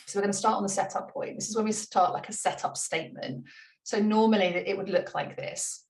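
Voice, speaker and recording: A woman coaching a tapping routine in a chatty, light-hearted way, repeating gentle step-by-step instructions and laughing at herself. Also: mid-range voice, steady tone, a little fast. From United Kingdom. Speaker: money mindset coach. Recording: roomy room, mic at a distance.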